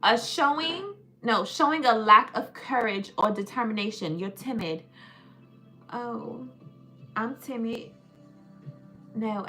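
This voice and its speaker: Slow, bright-voiced woman streamer. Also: fairly high pitch. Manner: playful and joking, drawing out words as she sounds them out. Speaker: livestream host. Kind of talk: casual live-stream chat.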